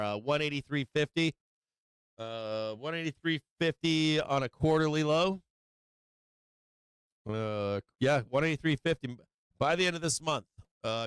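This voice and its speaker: A man's voice: on the high side, a little slow, fairly bright tone, clean tone, no echo. Brash profane man calling stock moves. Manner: brash, profane, whooping and laughing. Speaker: stock market livestream host. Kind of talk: casual livestream market commentary.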